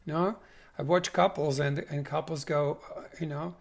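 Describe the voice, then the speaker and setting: A man working as a spiritual coach, guiding a participant and teaching with animated talk that acts out couples' dialogue. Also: fairly high pitch, normal speed, vocal fry.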